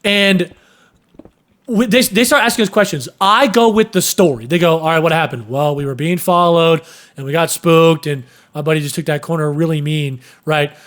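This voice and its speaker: A young man casually telling a story on a podcast, animated, cursing and acting out sounds and voices. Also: fairly high pitch, moderate pace. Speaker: podcast host.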